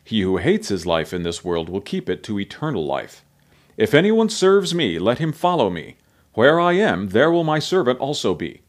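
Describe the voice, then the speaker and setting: A man's voice: mid-range voice, big pitch swings, moderate pace. A man voicing a solemn male teacher.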